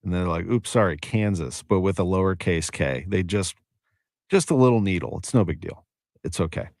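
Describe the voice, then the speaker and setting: A man's voice: deep voice, lively intonation, fairly quick, darkish tone, no room sound. Man, St. sports radio host; casual, wry, dry close studio sound. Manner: chatty, laughs easily, wry. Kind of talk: casual radio show wrap-up. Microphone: studio microphone.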